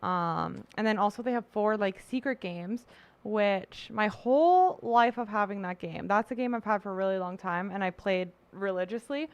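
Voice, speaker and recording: A woman's voice: medium pitch, normal speed, clean tone. A young woman chatting casually as a podcast co-host, bubbly and giggly, telling stories with lots of fillers. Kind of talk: casual chat.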